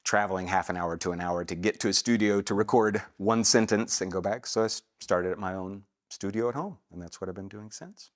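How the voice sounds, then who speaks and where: A middle-aged man from Atlanta, Georgia, working as a voice actor, telling stories in a relaxed way in a casual interview and laughing easily. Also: fairly low pitch, brisk, few pauses. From Atlanta, Georgia, USA. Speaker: guest, voice actor.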